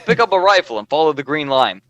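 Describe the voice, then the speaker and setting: A man doing a lively, brief impression of a brash male corporate science boss, in a mock announcement that keeps breaking into laughter. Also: a little high, fast, dry recording. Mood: mock-announcing. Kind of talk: impression during a livestream.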